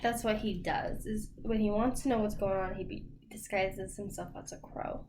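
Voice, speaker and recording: A woman's voice: mid-range voice, fairly even intonation, moderate pace, a little mellow. A tired young woman co-hosting a casual late-night book discussion. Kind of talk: casual chat. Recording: faint background noise.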